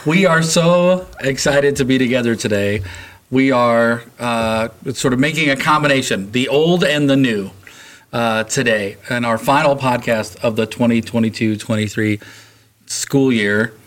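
A man's voice: mid-range voice, unhurried, a bit bright. A man, a choir teacher, hosting a casual school podcast in a choir room, upbeat and laughing often between filler-heavy sentences.

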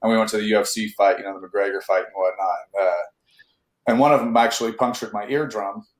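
A man's voice: on the low side, fairly even intonation, quick pace, reverberant, poor audio. A man from Northern California, an actor telling a long story in a casual interview, rambling with many fillers and restarts.

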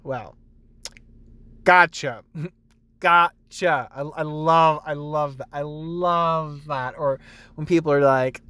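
A young man, a barista, rambling casually about work, full of fillers and bits where he acts out customers in a high sing-song voice. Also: takes it slowly, long pauses, bright, forceful tone, smooth, dry recording. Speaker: barista vlogger.

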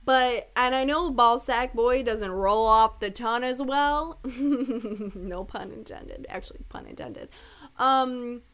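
A woman's voice: a little high, slow, a bit bright, smooth. A woman in her twenties hosting a casual solo podcast, candid and rambling with lots of asides, joking irreverently and laughing often. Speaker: podcast host.

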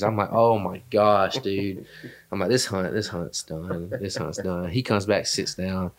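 A man with a low voice and fairly even intonation speaks at a measured pace. He's a podcast host telling a hunting story in a rambling, casual chat full of fillers.

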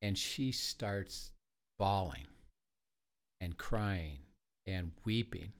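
Male retreat leader with a lowish voice, earnest and chatty, leaning on fillers as he recounts a story. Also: extremely slow. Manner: earnest, recounts exchanges with many "uh" and "you know". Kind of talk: conversational storytelling.

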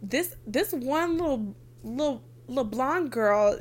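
A woman's voice: high-pitched, lively intonation, slow, husky. A young woman casually telling a story as a vlogger, full of "like" fillers and casual swearing.

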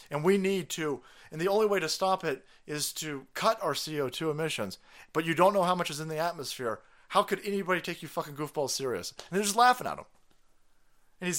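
A man hosting a live stream, ranting crudely and excitably, with sudden loud bursts and fast runs. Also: fairly high pitch. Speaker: livestream host. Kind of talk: profane political rant stream.

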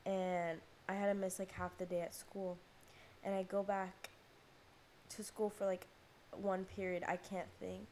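A woman's voice: mid-range voice, level tone, measured pace, darkish tone, slight background noise. A teenage girl hosting a podcast, telling a rambling story with lots of fillers and swearing. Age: teens. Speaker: podcast host. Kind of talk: casual storytelling monologue.

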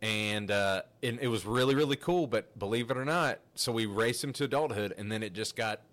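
A man hosting a podcast, telling a story in a casual, animated, rambling way with frequent restarts. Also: on the low side, brisk. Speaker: podcast host.

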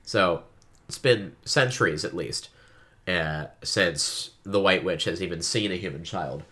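A man's voice: low-pitched, measured pace, bright, forceful tone. A man co-hosting a podcast, chatting casually about a book and giving frequent listener backchannels.

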